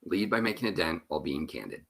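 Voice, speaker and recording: Low, bright-voiced man giving a keynote. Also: sing-song, fast talker, creaky. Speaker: keynote speaker and author. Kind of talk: conference talk over video.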